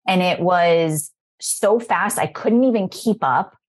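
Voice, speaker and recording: This woman's low, slightly rough voice moves slowly as she hosts a casual podcast chat about spiritual growth. In her thirties, she speaks in a rambling, effusive, emotional manner.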